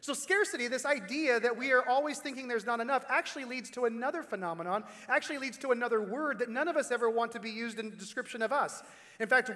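A man's voice: very high-pitched, a bit bright. A middle-aged male pastor preaching a sermon, telling stories and turning to the congregation with conversational asides. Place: church sanctuary. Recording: long hall reverb.

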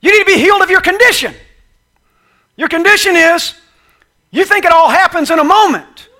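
An insistent divine voice, as a male preacher puts it on, high, loud and bright, with a forceful edge. It presses its point hard and at times stretches words out slowly. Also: animated, full character voice. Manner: insistent, rising to a shout. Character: emphatic divine voice correcting a prophet.

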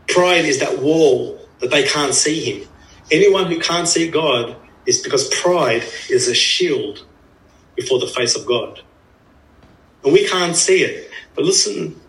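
A man's voice: a little high, a bit bright. A man preaching an earnest, emphatic sermon, repeating phrases for stress. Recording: echoey room, voice from a distance.

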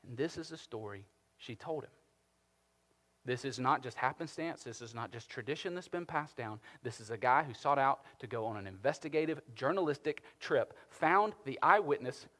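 Pastor, male, fairly high voice, animated, swinging loud to hushed, reverberant church hall. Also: moderate pace. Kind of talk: sermon.

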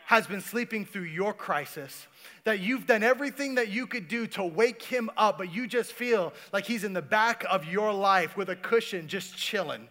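A man's voice: high voice, animated, moderate pace, sharp tone. A man preaching a sermon, telling stories in a casual way and talking to the congregation. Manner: casual, storytelling, talks to the congregation. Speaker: pastor.

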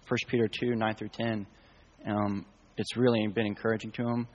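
A young man sharing a casual faith testimony, soft-spoken and full of fillers. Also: on the low side, little pitch movement, normal speed, big-room sound, muffled recording.

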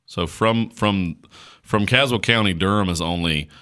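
A man from rural North Carolina, a pastor talking on a podcast in a slow country drawl and checking in with "right?". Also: low voice, bright, forceful tone, smooth. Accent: rural North Carolina Southern. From North Carolina, USA. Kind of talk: casual podcast chat.

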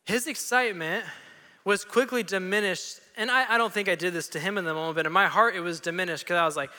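A man's voice: sits high, quick pace, pushed and bright. A man preaching a sermon as pastor, telling stories animatedly with quoted voices. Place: church sanctuary. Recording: long reverb of a church hall.

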